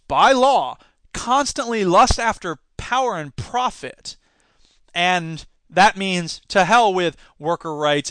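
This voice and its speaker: High, bright-voiced ranting male host. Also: no echo. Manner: animated, ranting, sarcastic asides. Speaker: podcast host. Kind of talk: opinionated solo commentary.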